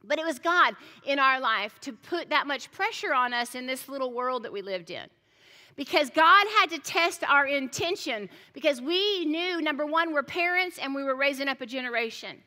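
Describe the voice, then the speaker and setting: A middle-aged woman pastor preaches in a high, bright, forceful voice. She tells stories in a chatty way, restarting her sentences and slipping in jokey asides. Her voice carries the long reverb of a church hall. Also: lively intonation, normal speed. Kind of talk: sermon.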